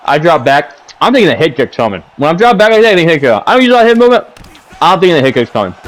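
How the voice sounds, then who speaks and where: A man giving casual, ranting commentary over his own gameplay footage, seated at a home setup, repeating himself and punctuating plays with "boom". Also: big pitch swings, very fast, rough recording. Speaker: gaming commentator.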